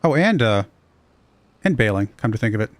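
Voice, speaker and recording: A man's voice: lowish voice, sing-song, brisk, no room sound. Chatty man with slight Southern lilt. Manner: chatty, rambling, chuckles often. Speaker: livestream gamer. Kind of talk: casual livestream commentary.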